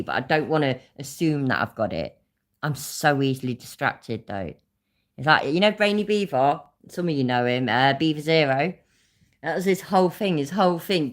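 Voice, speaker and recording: A woman from Leicester with an East Midlands accent, hosting a casual live stream and ranting in rambling, sweary bursts that speed up. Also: deep voice. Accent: East Midlands English. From Leicester, England.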